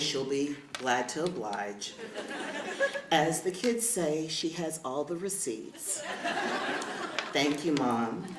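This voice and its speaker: A middle-aged woman giving a heartfelt acceptance speech at a podium, emotional and warm with laughing asides. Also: sits low, background noise. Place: large event hall. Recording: echoey hall with faint ambience.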